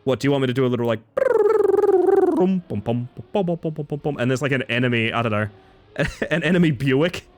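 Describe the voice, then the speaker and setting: A man's voice: mid-range voice, animated, a little slow, faint music behind. A man streaming a racing game, chatting and joking with his viewers as he plays. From Isle of Man and Australia. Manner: chatty, jokey, reacting to chat. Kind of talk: casual gaming commentary.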